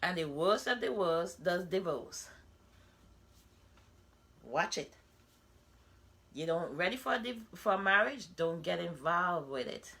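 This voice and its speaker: A woman's voice: lowish voice, animated, takes it slowly, long pauses, pushed and bright. A woman, talking bluntly and candidly in a personal vlog monologue, full of rhetorical asides. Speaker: vlogger.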